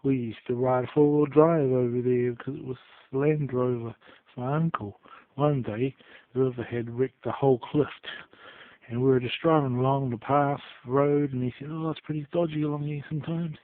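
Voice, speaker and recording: A man telling rambling stories in a casual vlog, swearing freely and trailing off into quiet asides. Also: mid-range voice, steady tone, moderate pace. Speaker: vlogger. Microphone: phone. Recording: tinny phone-like sound.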